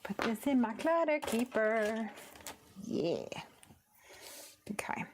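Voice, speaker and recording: A woman's voice: a little high, animated, slow, noisy background. A woman hosting a casual crafting livestream, chatting through each step as she works.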